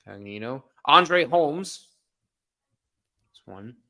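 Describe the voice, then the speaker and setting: Man, bright forceful voice, casual live sports chat, chatty and opinionated. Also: mid-range voice, expressive, slow. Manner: chatty, laughs often, opinionated. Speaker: co-host of a live baseball watch-along stream.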